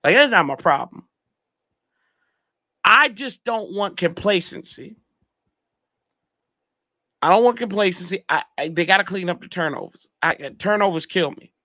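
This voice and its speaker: A man's voice: sits high, expressive, normal speed, long pauses, sharp tone, no echo. A man hosting a casual sports fan livestream, rambling in slangy talk and reading chat comments aloud. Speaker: podcast host reading live chat.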